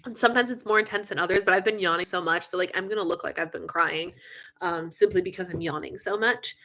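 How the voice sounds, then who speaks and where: A young woman hosting a casual live stream, chatting with viewers in an animated way, with lots of fillers and frequent yawns. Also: lowish voice, quick pace, slight background noise. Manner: chatty, animated, yawning often, many fillers. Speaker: livestream host.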